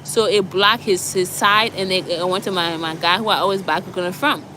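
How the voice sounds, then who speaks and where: A woman's voice: fairly low pitch, steady tone, fairly quick, background noise. A young woman giving a casual, chatty walkthrough of an apartment indoors. She laughs often and tells her stories with animation, filming on a handheld phone. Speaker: vlogger. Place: indoors, walking through an apartment.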